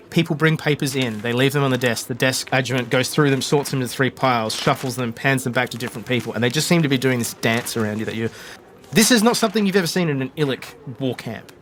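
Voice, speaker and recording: A man's voice: mid-range voice, a bit bright, slight background noise. A man narrating a tabletop role-playing game as the game master, describing scenes with many fillers and restarts.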